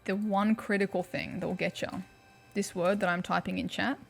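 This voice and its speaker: A young woman with an Australian accent chats away while she plays a game on stream, her pitch sitting in a middle range. She rambles loosely, with plenty of "like" and "um", and faint game music plays underneath her. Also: fairly even intonation, normal speed, gravelly. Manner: chatty and rambling, heavy on "like" and "um". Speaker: livestreamer. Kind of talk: casual chat while playing a video game.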